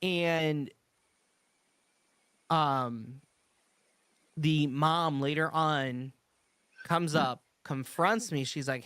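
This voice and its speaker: A man's voice: fairly high pitch, drawn-out words, pauses often, fairly bright tone, clean tone, no echo. A man chatting casually on a podcast, rambling through a work story with many restarts. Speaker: podcast host. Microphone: streaming studio mic.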